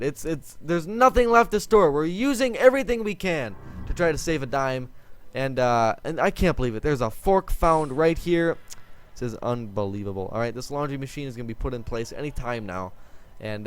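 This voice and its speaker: A man giving casual, joking commentary while he plays a prison-building game and talks to himself. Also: a little high.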